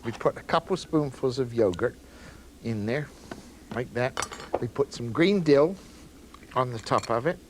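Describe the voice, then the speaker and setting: Casual male TV cook, animated rising and falling voice, folksy asides, audible background noise. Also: mid-range voice, measured pace, long pauses, rough recording. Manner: chatty and rambling, with folksy asides. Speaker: cooking show host. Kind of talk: casual cooking demonstration. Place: TV studio kitchen.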